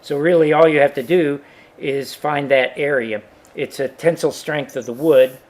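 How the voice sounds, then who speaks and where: A man's voice: on the high side, steady tone, moderate pace, darkish tone. A man teaching a worked engineering example, thinking aloud with frequent fillers and asides. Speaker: engineering instructor.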